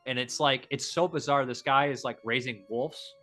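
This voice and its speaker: Excitable man rambling about films, bright voice. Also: medium pitch, normal speed. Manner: enthusiastic, rambling, frequent restarts and fillers; swears casually. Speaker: podcast host. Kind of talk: casual film chat.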